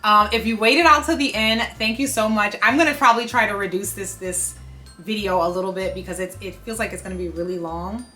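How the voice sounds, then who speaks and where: A woman, telling a story to the camera in an animated, indignant way and repeating herself for emphasis. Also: medium pitch, brisk, faint music behind. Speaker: fashion vlogger.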